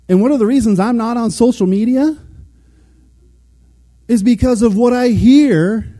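A man giving a casual, conversational sermon, acting out little quotes as he goes. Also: high voice. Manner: animated, conversational, acts out quotes. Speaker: preacher.

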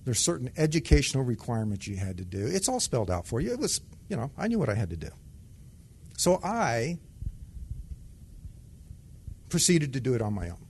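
A retired Air Force sergeant telling a personal testimony in a conversational way and acting out the dialogue. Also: male voice, medium pitch, very animated, fast talker, a little mellow, husky. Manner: conversational storytelling that acts out dialogue.

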